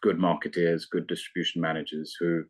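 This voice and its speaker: Male fund manager, very low voice, analytical and measured, given to restarts. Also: level tone. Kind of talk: investment interview.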